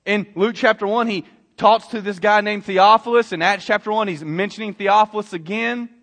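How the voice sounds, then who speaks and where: Male pastor, high voice, long echoing hall, sermon storytelling. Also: moderate pace. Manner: storytelling, swells loud then drops soft. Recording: reverberant hall.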